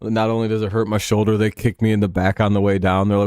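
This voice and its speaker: Casting: man, low voice, tired live-stream host, loose and joking, dry close sound. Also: level tone, fast talker, hardly any pauses, darkish tone, clean tone, no room sound. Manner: rambling, joking, swearing, sleepy. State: tired and yawning. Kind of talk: casual game watch-along commentary.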